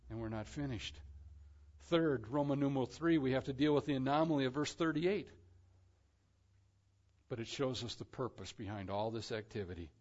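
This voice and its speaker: A man preaching an expository sermon as pastor, swinging from hushed, slow phrases to soaring emphasis. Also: medium pitch, animated, dull audio.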